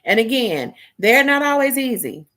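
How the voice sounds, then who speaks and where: A woman's voice: fairly high pitch, sing-song, normal speed, fairly bright tone. A middle-aged woman giving a motivational mentoring talk, encouraging and repetitive, with many fillers. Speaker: mentor and prevention advocate.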